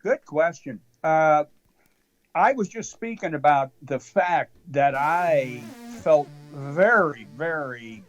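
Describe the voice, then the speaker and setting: A man, the network founder, telling a rambling deadpan tall tale as a guest on a call-in show, with many halting restarts. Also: fairly high pitch, highs cut off.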